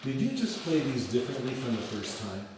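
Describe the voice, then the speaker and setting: A man teaching piano in a lecture and demo lesson before an audience, talking in an animated way and singing phrases as da da da. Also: medium pitch, a little fast. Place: large echoey hall with an audience. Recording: echoey hall from far off. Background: piano playing.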